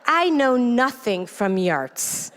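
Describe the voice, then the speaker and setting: A woman from New York City giving an inspirational talk to a congregation as a self-help author, telling stories with animated, self-deprecating humor. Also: a little high, slow pace. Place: church sanctuary. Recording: long reverb of a large hall.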